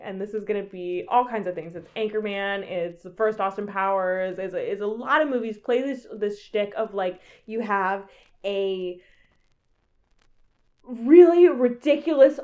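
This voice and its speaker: A woman's voice: mid-range voice, a little mellow, lo-fi sound. A woman co-hosting a podcast, making an enthusiastic, profane case for a film in casual chat. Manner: enthusiastic, profane, builds arguments. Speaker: podcast co-host.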